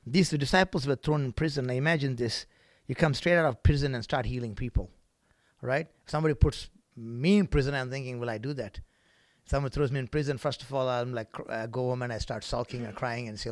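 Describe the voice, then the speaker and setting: A middle-aged man from India preaching a sermon as a guest pastor, moving from quiet reflection to loud, emphatic bursts with rhythmic repetition. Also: mid-range voice, no echo, clean studio sound. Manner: repetitive, rhythmic preaching with frequent "right?" and "amen?".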